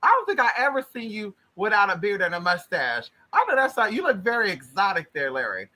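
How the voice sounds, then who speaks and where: A man chats with his livestream viewers in a high, piercingly bright voice, welcoming each by name. He is flamboyant and blunt, curses freely, and calls everyone honey. The talk stays loose and unscripted. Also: very animated, brisk. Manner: profane and blunt. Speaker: livestream host. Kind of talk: casual livestream chat greeting viewers.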